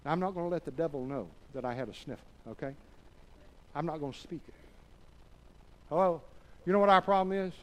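A man preaching a sermon to a church congregation, shifting from quiet talk to shouted passages and calling out for amens. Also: fairly high pitch, fairly quick, long pauses. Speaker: pastor.

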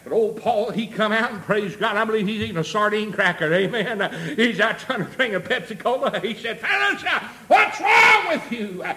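A man preaching a sermon, building rhythmically into shouts with many amens and a habitual "uh" before phrases. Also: high voice, a little fast, hardly any pauses.

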